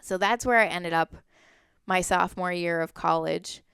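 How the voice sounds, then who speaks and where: A woman's voice: fairly low pitch, moderate pace, vocal fry, smooth, no room sound, clean studio sound. A woman in her twenties, a podcast guest, candidly telling a personal story in conversation. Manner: candid, animated, often acts out quoted voices.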